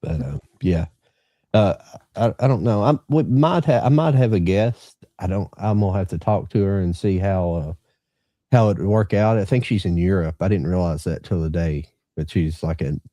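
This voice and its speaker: A man's voice: sits low, moderate pace, mellow, dry recording, clean studio sound. A man co-hosting a casual podcast, talking hesitantly with many fillers. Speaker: podcast co-host. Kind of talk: casual chat.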